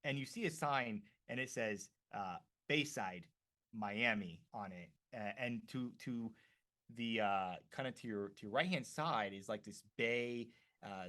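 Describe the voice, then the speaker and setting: A man narrating scenes as a tabletop game master in a relaxed way, full of fillers. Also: fairly low pitch, moderate pace.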